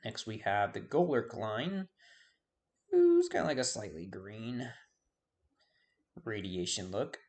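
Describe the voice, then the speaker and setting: Rambling man with a lively voice. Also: lowish voice, slow, long pauses. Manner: rambling, forgets names, self-deprecating asides. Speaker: YouTube host. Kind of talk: casual game commentary.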